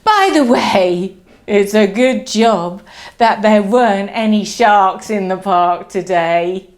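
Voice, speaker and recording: A woman voicing a small, excited boy in a picture-book read-aloud, talking in a brisk, chatty way. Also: mid-range voice, pitched below the performer's own voice, lightly acted. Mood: cheerful.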